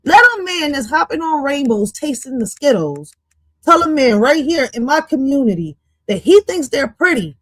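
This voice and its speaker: Higher-pitched woman, dry close sound; blunt, scolding reaction commentator. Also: big pitch swings, normal speed, no echo. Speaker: reaction stream host.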